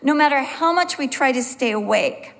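A woman's voice: sits high, animated, normal speed, vocal fry, fairly bright tone. A woman teaching a Bible study in an earnest way, building points through emphatic repetition. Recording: long hall reverb.

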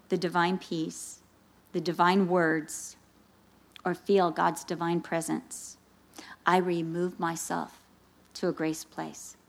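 A middle-aged woman giving a sermon to a women's gathering, telling a personal story and acting out the dialogue in a lively way. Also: vocal fry. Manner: animated storytelling, acting out dialogue with rising pitch. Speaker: speaker at a women's Christian gathering.

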